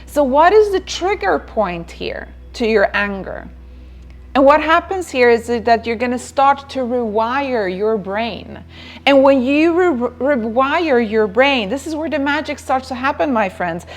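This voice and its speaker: A woman's voice: sits high, expressive, measured pace. A woman giving a reflective motivational talk on self-care, who repeats phrases and checks in with "right?".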